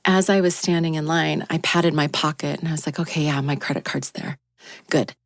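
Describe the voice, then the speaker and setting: A woman on a radio talk show team telling a personal story in a studio, acting out the quoted lines with lively jumps in pitch. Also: a little fast, dry recording.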